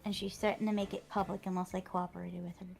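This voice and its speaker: A woman voicing a frightened young woman in a visual novel, speaking quietly and pleadingly. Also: medium pitch, level tone, fast, vocal fry. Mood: fearful.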